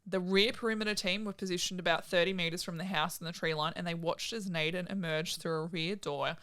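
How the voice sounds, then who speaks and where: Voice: mid-range voice, steady tone, a little fast, bright, forceful tone, smooth, no room sound. Aussie true-crime podcast host, sweary and laughing, dry close mic. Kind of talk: casual true-crime chat.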